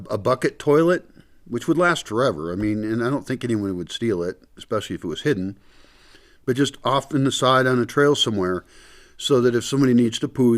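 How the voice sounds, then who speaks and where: A man talking casually to his camera in a vlog, rambling and thinking aloud with many fillers, his speech a little muffled by a candy in his mouth. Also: mid-range voice. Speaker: vlogger. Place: house indoors before dawn.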